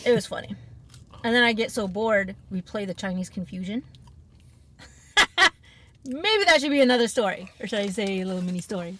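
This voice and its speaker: A woman's voice: mid-range voice, animated, fairly quick, long pauses, fairly bright tone, no room sound. A woman chatting casually on an eating show, telling rambling, giggly stories. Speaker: podcast co-host. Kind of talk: casual chat while eating.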